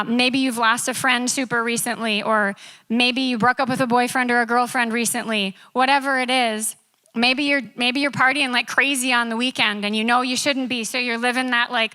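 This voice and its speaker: Bright, high-voiced woman preaching to teens. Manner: casual, chatty, often asks the room "right?". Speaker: youth speaker. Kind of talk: youth sermon. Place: youth service in a church building.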